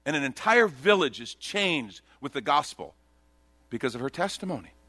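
A man preaching a sermon as a pastor, expressive and conversational, repeating key lines for emphasis. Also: a little high, normal speed, dry recording.

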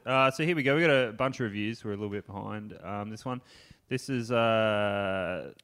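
A man's voice: on the low side, moderate pace, fairly bright tone, smooth. Dry-witted podcast co-host man. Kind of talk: casual podcast chat.

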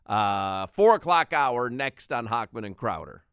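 A man hosting a sports radio show, talking fast and jokily and breaking into laughter. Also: medium pitch, lively intonation, a bit bright, clear, resonant tone, no echo, clean studio sound. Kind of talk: casual radio banter. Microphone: studio microphone.

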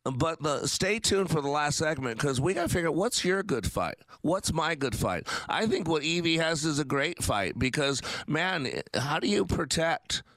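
A man's voice: a little high, animated, moderate pace, hardly any pauses, a bit bright, no room sound. A man in his fifties hosting a faith-based radio talk show, earnest and preachy, with many fillers and restarts. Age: 50s.

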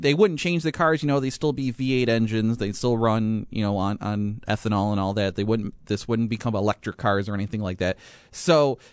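A man's voice: medium pitch, clean tone, no echo. Guy hosting sports talk radio, rambly and casual, dry close mic. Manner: chatty, rambling with many fillers and restarts.

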